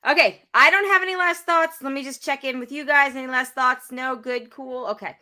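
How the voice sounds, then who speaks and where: Woman podcast host, bright, somewhat high voice, chatty and giggly. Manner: giggly, chatty, quick asides. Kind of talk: casual chat.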